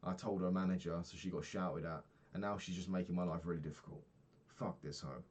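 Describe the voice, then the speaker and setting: Young man from the UK, casual diary vlog, very low voice, rambling, swearing. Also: fairly even intonation, quick pace, darkish tone, slightly rough. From United Kingdom. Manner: rambling, swears often, loses his thread. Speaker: vlogger.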